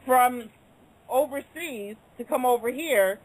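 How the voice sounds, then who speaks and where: High-voiced American woman, curious. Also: takes it slowly, husky, low-quality recording. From United States. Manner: curious, asks questions, giggles. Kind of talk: casual group chat.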